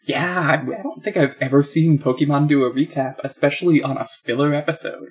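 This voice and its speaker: A man's voice: on the high side, fairly quick, slightly rough. A man co-hosting a casual podcast, wry and rambling, correcting himself as he goes. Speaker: podcast co-host. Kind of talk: casual chat.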